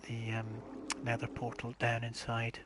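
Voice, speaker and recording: Man, gaming streamer, live commentary, thinking aloud, steady mid pitch, noisy hiss behind. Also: a little slow. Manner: thinking aloud, low-key and methodical.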